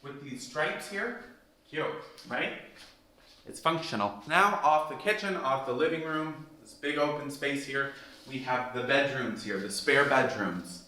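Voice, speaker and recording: A man's voice: medium pitch, measured pace, sharp tone. A man hosting a casual house-tour vlog, talking straight to viewers in an emphatic, sassy way as he walks through the rooms of a house. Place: rooms of an emptyish house, indoors. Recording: roomy echoey rooms.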